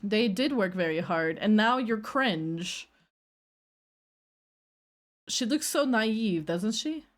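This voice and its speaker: A woman streaming casually, reacting to her old clips in an animated, self-mocking way. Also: medium pitch, takes it slowly, long pauses. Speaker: VTuber streamer.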